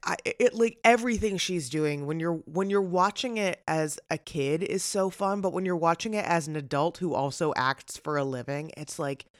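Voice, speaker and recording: A woman's voice: low voice, no echo, studio quality. A woman who acts for a living, chatting casually and animatedly about a film, with many fillers. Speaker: podcast co-host and actor.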